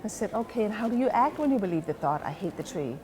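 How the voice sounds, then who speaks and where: A woman coach, outdoors at a museum park, calmly telling a story about a client session and quoting both sides of the dialogue. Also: mid-range voice, fast, noisy background. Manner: calm, retelling a coaching session with quoted dialogue. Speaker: house coach. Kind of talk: storytelling monologue to camera.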